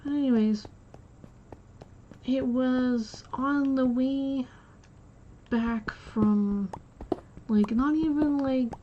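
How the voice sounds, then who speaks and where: Woman streamer, fairly high voice, slow and rambling, acts out quoted dialogue; dull lo-fi mic with faint hiss. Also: mellow. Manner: rambling, retells conversations by acting out quotes. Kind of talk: casual personal storytelling. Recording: dull lo-fi sound with faint noise.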